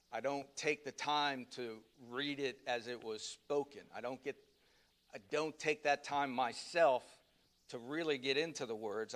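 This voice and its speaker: A man leads a Sunday Bible class in a church classroom, talking loosely and conversationally. He trails off, restarts and fills gaps as he explains. His voice sits at an ordinary middle pitch. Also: fairly bright tone. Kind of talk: casual Sunday class teaching.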